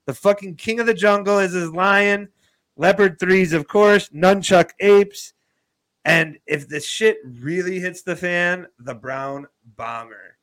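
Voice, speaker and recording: A man in loose comedic chat who talks up a made-up character with mock hype and crude jokes. His voice sits a little high for a man. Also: takes it slowly, fairly bright tone. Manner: mock-hyped, jokey pitch of an invented character.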